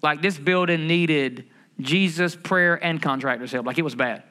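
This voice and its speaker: Bright-voiced pastor preaching lively. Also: male voice, a little high, normal speed. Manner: lively, conversational preaching with humor and rhetorical questions. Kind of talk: sermon. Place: church building.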